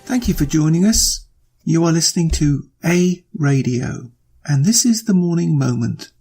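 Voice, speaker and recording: Male radio host, opinion commentary, sarcastic and insinuating, gravelly, fairly high voice. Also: expressive, normal speed, a little mellow, faint music behind. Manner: sarcastic, insinuating, repeats points for effect.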